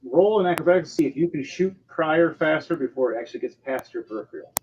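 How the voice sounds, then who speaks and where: A man's voice: on the high side, fast, crowd noise. Man running a tabletop game, lo-fi. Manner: loose, filler-heavy narration with frequent ums and uhs. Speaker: game master. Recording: slightly dull, lo-fi sound with faint music behind.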